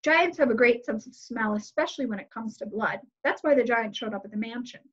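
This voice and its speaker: A woman's voice: fairly high pitch, a little fast, a bit bright, slightly rough. Lady reading out a snooty storybook prince, curt and bossy, kinda muffled lo-fi audio. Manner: cold, curt and commanding. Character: arrogant, impatient fairy-tale prince, grown man. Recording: slightly muffled lo-fi recording.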